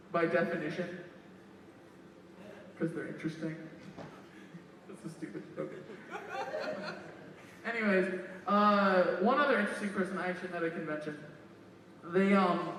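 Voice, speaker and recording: High-voiced man doing stand-up in echoey hall. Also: slight background noise. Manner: profane storytelling, acting out quoted lines. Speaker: stand-up comedian. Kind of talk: stand-up comedy. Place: convention panel room. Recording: echoey hall, mic from far off.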